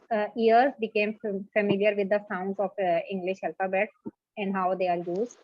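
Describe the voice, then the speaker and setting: A woman's voice: medium pitch, dry recording. A woman teaching an English pronunciation class, repeating points and checking in with "okay". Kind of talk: online class lecture. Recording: dull lo-fi dry sound.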